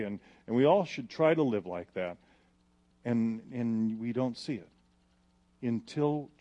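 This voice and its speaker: Man, preacher, sermon, dramatic, hushed then emphatic, mid pitch. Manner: dramatic, swings from hushed to emphatic when quoting scripture.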